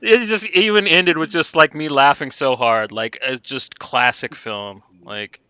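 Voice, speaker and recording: A man's voice: a little high, unhurried, pushed and bright, dry recording. A man chatting casually about movies, laughing often and filling his talk with "like".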